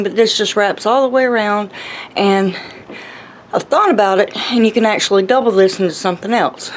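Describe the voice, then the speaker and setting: A woman's voice: mid-range voice, a little fast, a little hiss or hum, low-quality recording. Breathless chatty woman crochet host. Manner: chatty, rambling, laughs at herself. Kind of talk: casual crochet tutorial. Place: home, sitting on the floor.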